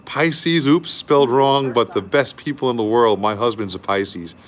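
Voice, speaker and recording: A man's voice: mid-range voice, normal speed. A man hosting a live music stream, chatting effusively between songs and reading viewer comments aloud.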